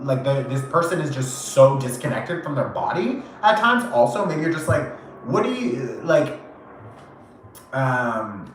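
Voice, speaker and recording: Animated man giving a tarot reading. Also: mid-range voice, unhurried, a little hiss or hum. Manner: animated, acts out quoted reactions, swears casually, laughs often. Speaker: tarot reader. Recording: very echoey room.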